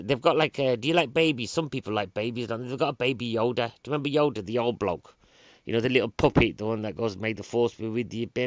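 A man, a comedian, rambling through a chatty podcast monologue in a deadpan way that drifts into mock outrage. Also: on the low side, no echo. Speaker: stand-up comedian and event promoter. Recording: dry, dull lo-fi sound.

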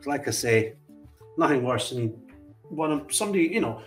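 A Scottish man chatting casually in a vlog as he opens his fan mail, with frequent warm exclamations and asides to his cat. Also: mid-range voice, lively intonation, moderate pace, far from the mic, soft background music. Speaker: coin collecting channel host. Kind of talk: casual vlog chat while opening mail.

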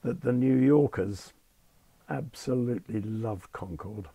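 A man's voice: medium pitch, a little slow, gravelly, warm tone, breathy edge. An older man, a retired airline captain, telling wry, understated anecdotes in an interview. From United Kingdom. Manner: wry, understated storyteller, polite British phrasing. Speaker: retired Concorde captain, guest.

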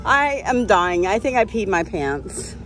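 A woman vlogging with her dogs on a phone, giggling and cooing to them in high baby talk. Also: very animated, measured pace, over music. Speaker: dog owner vlogger. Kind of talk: casual vlog chat.

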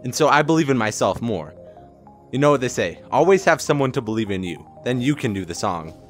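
A man's voice: mid-range voice, big pitch swings, fairly quick, soft background music. A young man giving playful, melodramatic commentary while playing a video game, joking with himself and others. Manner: joking, exaggerated, melodramatic outbursts. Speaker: gaming streamer.

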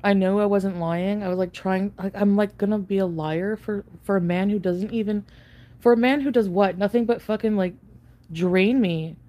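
Woman vlogger, mid pitch, high on an edible, rambling confessional rant thick with fillers and profanity. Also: moderate pace, dark tone. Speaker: online video creator.

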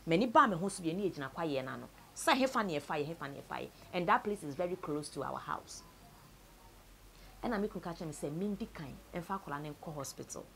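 Soft-spoken Ghanaian woman telling a sad story. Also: lively intonation, quick pace, gravelly, slight background noise. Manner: tells a sad story, switches between Twi and English, voice sinks low and soft. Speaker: interviewee. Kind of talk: personal story told to camera.

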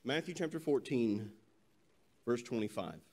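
A male preacher giving a sermon, telling a scripture story with animated delivery and reading verses slowly and solemnly. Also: medium pitch. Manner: animated storytelling, voices quoted characters.

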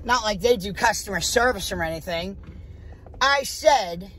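A woman's voice: medium pitch, lively intonation, a little slow, fairly bright tone, breathy edge. Blunt, foul-mouthed American woman vlogging. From United States. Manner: blunt, heavily profane, talks straight to viewers. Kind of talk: casual vlog talk to camera.

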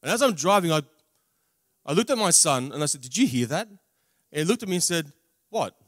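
A man giving a spoken testimony sermon, with humorous asides and big swings in loudness on emphatic words. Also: a little high, sing-song, brisk, no room sound, clean studio sound. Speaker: preacher. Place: large camp meeting venue.

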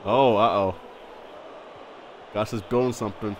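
A man live-streaming a football video game, chatting and reacting loudly, often repeating his words. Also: medium pitch, moderate pace, slight background noise. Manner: excitable, repeats words, yelps in surprise. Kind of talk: live gameplay chat.

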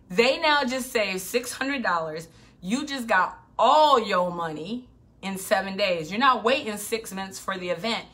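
A middle-aged woman business coach giving an animated, emphatic motivational talk, hammering her points with repetition. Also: medium pitch, a little slow. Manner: emphatic, animated, repeats for punch.

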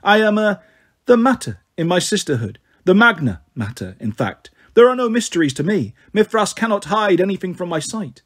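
A man's voice: high-pitched, very animated, normal speed, fairly bright tone, exaggerated voice. Man reading as a defiant teenage girl. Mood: bluffing.

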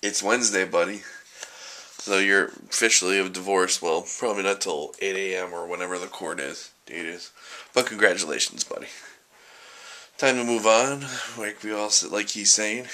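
A man's voice: deep voice, moderate pace, pushed and bright. A young man vlogging casually, joking, rambling and making fun of himself. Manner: joking, rambling, self-mocking. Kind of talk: casual vlog.

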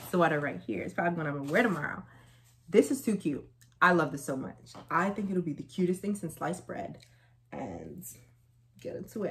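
Low-voiced young woman, casual vlogger, animated and slangy, faint background noise. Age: young adult. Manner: chatty, animated storytelling with slang. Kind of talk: casual try-on haul chat.

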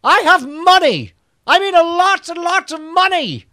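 Man putting on a loud, high, pompous plutocrat filmmaker, absent-minded inventor type, comic podcast bit. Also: expressive, a little slow, no room sound, full character voice. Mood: grandiose. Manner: shouts a lot, grandiose.

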